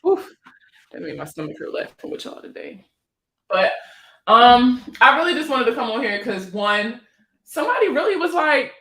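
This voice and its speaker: Lively, bright-voiced woman telling stories. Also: fairly high pitch, normal speed, echoey room, low-quality recording. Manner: animated, slangy storytelling with frequent laughter. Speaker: financial educator hosting a livestream. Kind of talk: casual livestream chat.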